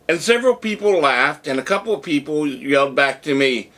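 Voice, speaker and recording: A man's voice: fairly high pitch, fairly quick, hardly any pauses. A man telling a story in a casual monologue, acting out the lines he quotes. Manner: animated retelling, acts out shouted quotes. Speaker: vlogger.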